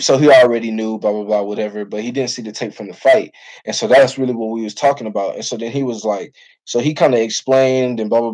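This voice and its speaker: A young college football player tells a story straight to camera, husky and a little rough around the edges. He talks in animated, slang-heavy bursts with plenty of swearing, at an ordinary middle pitch. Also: low-quality recording. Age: young adult.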